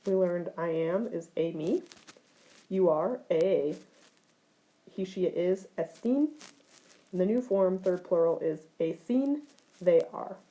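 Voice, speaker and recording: A woman teaching a recorded grammar lesson in a mellow, lowish voice. She explains each form step by step, clearly and methodically, with the odd filler. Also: takes it slowly, pauses often, low-quality recording. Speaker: Greek teacher.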